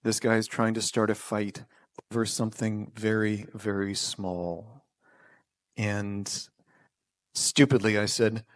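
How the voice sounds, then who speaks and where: A man's voice: lowish voice, level tone, slow pace, no room sound. A man telling a personal story on stage, wry and self-deprecating, with nervous restarts. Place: small performance venue.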